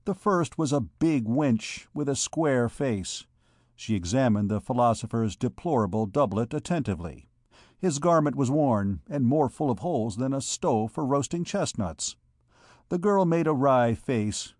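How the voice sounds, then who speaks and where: A man narrating a classic novel as an audiobook reader, in a measured, formal storytelling manner. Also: medium pitch, lively intonation, a little mellow, no room sound, clean studio sound.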